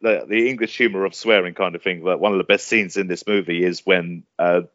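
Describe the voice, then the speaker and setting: Low man, restarts a lot, dry dull recording. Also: fairly even intonation, fairly bright tone, no echo. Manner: halting, repeats words. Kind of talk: casual film chat.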